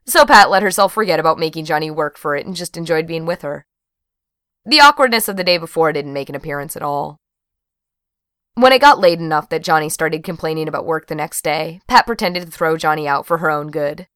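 A woman narrating an audiobook in a wry, expressive manner. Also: low voice, fairly quick, clear, resonant tone, no echo, clean studio sound. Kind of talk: scripted narration.

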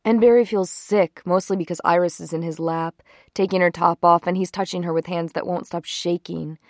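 A woman reading a romance story aloud in an intimate, unhurried way, close to the microphone. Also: on the low side, steady tone, darkish tone, no echo. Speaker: narrator.

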